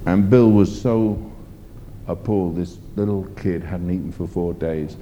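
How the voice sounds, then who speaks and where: A man's voice: low voice, a little slow, dark tone, muffled recording, slight background noise. A man preaching a sermon, emphatic and rambling as he tells stories. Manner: emphatic, rambling storytelling with fillers.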